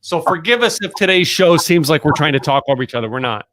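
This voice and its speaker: A man co-hosting a casual business podcast, talking in halting bursts with repeated words and restarts. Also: a little high, expressive, fairly bright tone, slight background noise. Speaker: podcast co-host.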